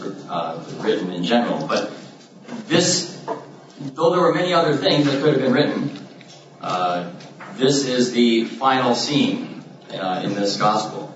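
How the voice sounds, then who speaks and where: A man giving an informal Bible study, measured and thoughtful, with pauses and hesitations, recorded from a distance in a room. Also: lowish voice, noisy background. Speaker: Bible teacher. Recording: roomy, distant, dull mic.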